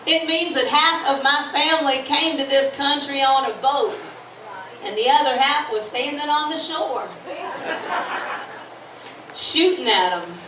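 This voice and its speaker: A woman's voice: high-pitched, measured pace, long pauses. A woman from Florida performing live stand-up comedy. She is bubbly and teases the crowd with questions. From Florida, USA. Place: live stage venue with audience. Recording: echoey live room from far off. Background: audience laughter and room noise.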